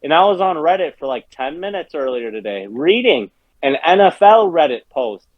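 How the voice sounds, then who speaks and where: A man's voice: on the high side, sing-song, normal speed, dry recording, lo-fi sound. A man co-hosting a casual sports podcast, ranting and cursing while gaming on a headset, a little drunk. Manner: profane, heated ranting. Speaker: podcast co-host.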